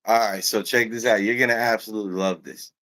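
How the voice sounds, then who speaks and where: A man's voice: on the low side, steady tone, fast talker, pushed and bright, no room sound. A man hosting a casual podcast, telling stories in a loose, profane, laughing way. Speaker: podcast host.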